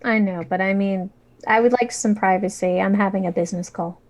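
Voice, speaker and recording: A woman's voice: medium pitch, fairly even intonation, a little fast. A woman playing a tabletop game over a call, casual and full of fillers. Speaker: player. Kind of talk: tabletop role-play over a video call.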